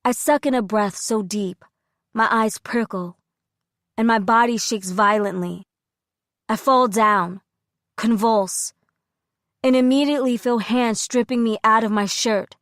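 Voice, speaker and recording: Brief: woman narrator, unhurried and steady, dry close-miked studio read. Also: on the high side, no room sound. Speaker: audiobook narrator. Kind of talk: scripted first-person narration.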